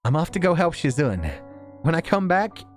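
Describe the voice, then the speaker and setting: A man voicing a devoted young man who is ready to sacrifice himself, speaking quietly and resolutely. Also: on the high side, sing-song, normal speed, soft background music. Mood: tender.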